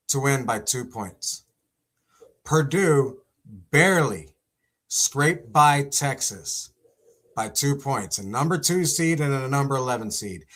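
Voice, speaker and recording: A young man hosting a casual sports commentary segment, talking in an excitable, exclamatory way. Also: mid-range voice.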